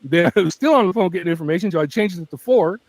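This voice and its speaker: A man rambles through a casual livestream from home, emphatic and quick to laugh. His voice sits a little high and thin, and he has little voice to spare. He speaks very close to the mic, so the sound is dry and intimate. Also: lively intonation, darkish tone, no echo, poor audio. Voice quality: weak voice that tires easily. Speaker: true-crime channel host. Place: at home with pets. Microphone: very close to the microphone.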